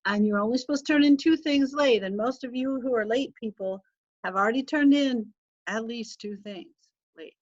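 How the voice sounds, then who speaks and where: A woman's voice: a little high, normal speed. A woman teacher giving a casual online class lecture, chatty and laughing at herself, with the odd sneeze and cough. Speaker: college teacher. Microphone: video call. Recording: slightly dull video call audio.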